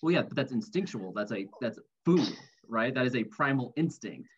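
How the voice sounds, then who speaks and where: A man's voice: medium pitch, animated, moderate pace, husky, highs cut off. A man co-hosting a casual podcast, rambling with many fillers and restarts. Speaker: podcast co-host.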